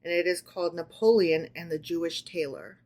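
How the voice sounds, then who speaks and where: A woman co-hosting a casual book club podcast, reading folk tales aloud with animated delivery and chatty asides. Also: lowish voice, brisk.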